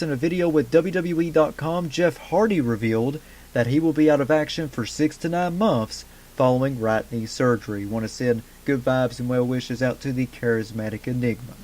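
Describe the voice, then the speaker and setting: A man's voice: mid-range voice, darkish tone. Man reading wrestling news headlines. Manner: brisk headline delivery with casual fan asides. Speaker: wrestling news podcast host. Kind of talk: news roundup read from a script.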